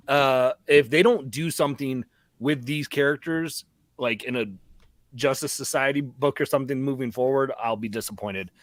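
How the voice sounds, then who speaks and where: A man's voice: mid-range voice, fairly bright tone, no room sound. A man talking casually on a live-streamed panel, rambling with lots of fillers.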